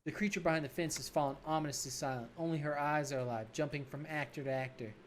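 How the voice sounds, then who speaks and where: A woman streamer reading a game's narration aloud in a dry, hushed way, with quick asides. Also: deep voice, a little hiss or hum.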